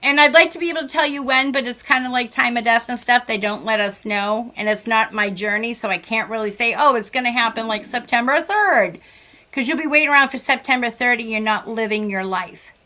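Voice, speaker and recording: High bright Massachusetts-accented woman. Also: a little fast. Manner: chatty, warm storytelling with frequent "like". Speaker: psychic medium guest. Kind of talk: casual radio chat with readings.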